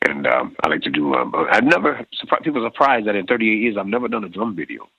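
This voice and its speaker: Deep gravelly man on a phone line. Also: very animated, no echo. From United States. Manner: emotional, halting, many restarts. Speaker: drummer guest. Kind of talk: phone interview.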